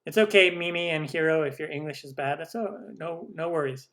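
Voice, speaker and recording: A man runs a live question-and-answer stream for his cooking channel, reading viewer questions aloud and answering them in a chatty, enthusiastic way. His voice sits a little higher than most men's. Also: brisk, fairly bright tone.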